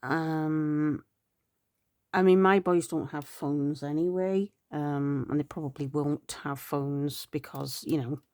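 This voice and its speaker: A middle-aged woman talks in a low, unhurried voice with a gravelly edge. She rambles, corrects herself and lets soft laughs slip in, sounding tired. The sound is close and dry. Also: dry recording. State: tired, yawning. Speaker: planner vlogger. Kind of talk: chatty planner update.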